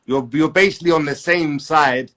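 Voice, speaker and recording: Man, laid-back, placating, slang fillers, slightly high voice, casual chat host. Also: moderate pace, fairly bright tone. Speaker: interviewer.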